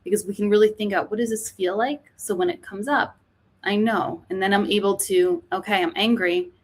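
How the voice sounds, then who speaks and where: A woman's voice: medium pitch, fairly even intonation, a little fast, husky. A woman, an author and teacher, explaining mindfulness in a podcast interview, often checking in with "right?". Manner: explanatory, frequent "right?" tags.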